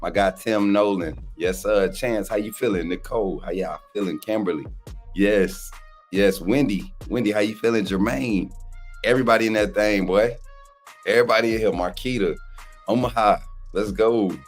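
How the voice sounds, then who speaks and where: A deep-voiced man chats loosely on a live stream, his voice hoarse and nearly gone. He greets viewers one after another in an animated, easygoing way, with soft music playing faintly behind him. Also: moderate pace. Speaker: livestream co-host. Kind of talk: casual live-stream chat.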